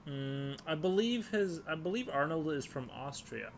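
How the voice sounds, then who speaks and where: A man's voice: a little high, animated, normal speed, gravelly, slight background noise. Rambling man chatting on a livestream. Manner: rambling, unsure, reading chat aloud. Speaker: livestream host. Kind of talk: casual chat while sketching.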